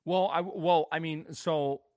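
A man's voice: a little high, fairly even intonation, slow pace, darkish tone, no echo. A man co-hosting a casual fan chat, rambling with many restarts and fillers.

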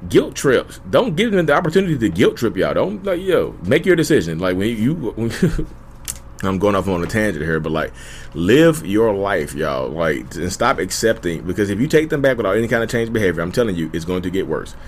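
Earnest low-voiced man with lilt. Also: big pitch swings, fairly quick, a little hiss or hum. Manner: earnest, repetitive, addresses listeners as y'all. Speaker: YouTube host. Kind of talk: casual direct-to-camera advice talk.

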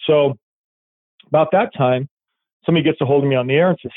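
A police dog handler telling a story in a rambling, casual way, acting out quoted dialogue. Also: male voice, on the high side, fast, pauses often, no echo. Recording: tinny phone-like line, dry.

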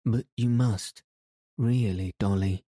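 A man's voice: on the low side, steady tone, slow, warm tone, no echo, clean studio sound. A man reading as a timid, guilty husband. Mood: pleading.

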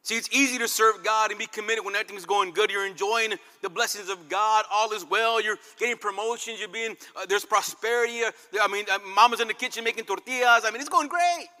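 Fervent high-voiced pastor in a hall. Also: male voice, quick pace, hardly any pauses. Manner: fervent, dramatic swings in loudness. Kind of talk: sermon. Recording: long reverb hall.

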